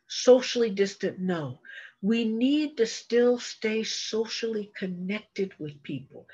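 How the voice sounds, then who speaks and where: A woman's voice: mid-range voice, breathy edge. An older woman, a retired social worker, giving an earnest, encouraging webinar talk with frequent restarts, heard over a video call. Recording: slightly dull video call audio.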